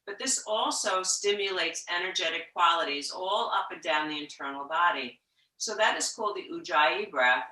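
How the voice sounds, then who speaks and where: A woman teaching a yoga class, talking slowly and gently, sometimes dropping to a whisper to show the breath. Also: fairly low pitch, far from the mic. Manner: slow, gentle guiding with soft whispered breath demos. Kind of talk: guided yoga instruction. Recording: echoey room, voice from off-mic.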